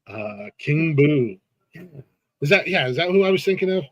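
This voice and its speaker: A man's voice: on the high side, lively intonation, normal speed, fairly bright tone, no echo, dull audio. Chill guy hosting a stream interview, laughs a bunch, stumbles and restarts, dry close mic. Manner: laid-back, laughs often, frequent restarts and fillers. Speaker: podcast host. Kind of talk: casual live-stream interview.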